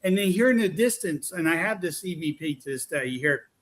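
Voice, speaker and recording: A man's voice: a little high, brisk. A man casually telling a long, rambling story about his paranormal investigations, full of restarts. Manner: rambling, animated retelling with restarts.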